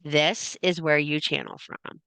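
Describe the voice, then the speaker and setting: A woman teaches a spiritual class in a forceful, lowish voice, talking casually and swearing freely. She drives her points home by repeating phrases, and the recording is close and dry. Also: little pitch movement, unhurried, clean tone, no room sound. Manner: casual, blunt and frequently profane; emphatic, repeats phrases for effect.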